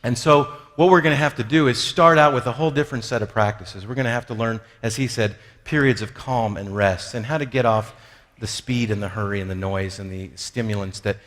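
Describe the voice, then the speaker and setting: A man of middle pitch delivers an easygoing, humorous teaching talk, slipping into little impressions of the people he quotes. His voice rings out with a long reverb, the sound of a large hall. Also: brisk, fairly bright tone. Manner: conversational, acts out quoted voices, self-deprecating jokes. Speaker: speaker on spiritual formation.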